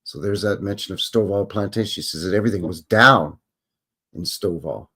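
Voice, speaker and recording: A man's voice: sits low, a little fast, pushed and bright, slightly rough. A man hosting a show, talking casually and thinking aloud about an old song he plays. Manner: musing, thinking aloud with restarts. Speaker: host.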